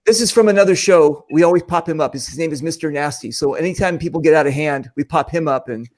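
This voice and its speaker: American male host, slightly high voice, chatty and excitable, reads viewer comments. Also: quick pace. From United States. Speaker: show host. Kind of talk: casual live-stream chat.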